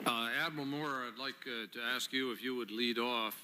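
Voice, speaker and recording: A man's voice: medium pitch, steady tone, fairly quick, pushed and bright, slight background noise. A man chairing a committee hearing, calling on witnesses in brief, procedural remarks with hesitant fillers. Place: hearing room.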